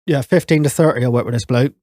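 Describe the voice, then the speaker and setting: A man's voice: mid-range voice, quick pace, darkish tone, dry recording, clean studio sound. A man in his thirties, a chef guest on a podcast, telling anecdotes in casual chat, laughing often and swearing freely. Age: 30s.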